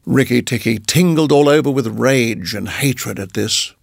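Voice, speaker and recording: A man narrating a storybook in a measured, even reading voice. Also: mid-range voice, gravelly, no room sound, clean studio sound.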